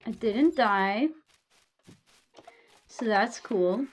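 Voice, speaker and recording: A slightly high-voiced young woman draws out her words as she games on stream, tired and yawning. She makes casual, loose chat with her viewers and swears frequently.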